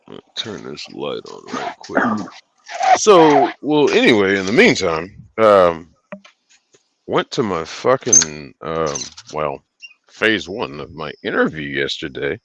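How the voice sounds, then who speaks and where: A man's voice: deep voice, fairly bright tone, dry recording, highs cut off. A man hosting a livestream, telling a casual, profane, rambling story and laughing often. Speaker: livestream host.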